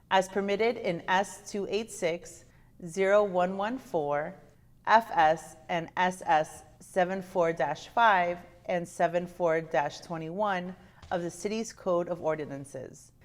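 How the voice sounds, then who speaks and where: A woman with a slightly low voice reads the rules of conduct before a public commission meeting. Her delivery is measured and formal, and it slows deliberately over legal code numbers. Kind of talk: formal read-aloud announcement. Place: city commission chamber.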